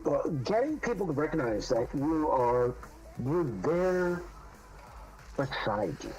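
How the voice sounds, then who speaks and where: A man in casual gaming voice chat, talking earnestly about working with people, with halting restarts. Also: a little high, poor audio. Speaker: foreman talking in game voice chat.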